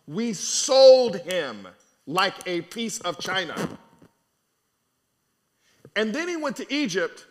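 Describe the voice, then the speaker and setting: Lively high-voiced male preacher. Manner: animated, colloquial preaching. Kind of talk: conversational sermon.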